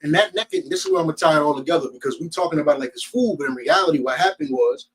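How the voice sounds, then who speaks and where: A man with a New Jersey Black American accent, teaching scripture in a colloquial, animated storytelling way. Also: fairly high pitch, racing, vocal fry, slightly rough, low-quality recording. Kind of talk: street preaching and scripture teaching.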